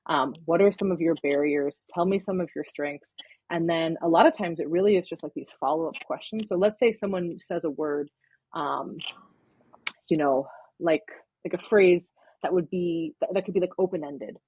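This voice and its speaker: A woman's voice: fairly low pitch, moderate pace, muffled recording, slight background noise. A woman, a counseling intern, talking in a casual podcast interview, explaining at length with many verbal fillers.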